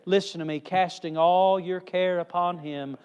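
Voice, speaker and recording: High-pitched preacher man in a reverberant hall. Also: fairly even intonation, normal speed, smooth, lo-fi sound. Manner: emphatic preaching, pitch and loudness rising and falling. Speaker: evangelist. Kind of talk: sermon. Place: church hall.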